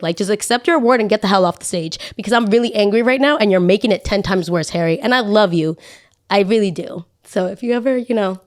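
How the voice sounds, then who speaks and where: A young woman hosting a solo podcast, giving her opinions in an animated rant that leaps up high whenever she gets outraged. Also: quick pace. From Latina. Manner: animated ranting, jumps up high when outraged. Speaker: podcast host.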